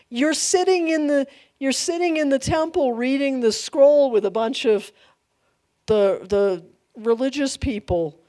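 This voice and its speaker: A middle-aged woman pastor teaching a Bible study, animated, laughing often and acting out quoted lines. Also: high-pitched, unhurried.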